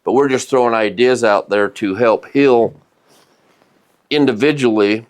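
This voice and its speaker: A man's voice: medium pitch, unhurried. A man co-hosting a self-help podcast, giving motivational advice straight to his listeners. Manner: coaching, speaks straight to listeners. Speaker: podcast co-host and life coach. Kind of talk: motivational talk.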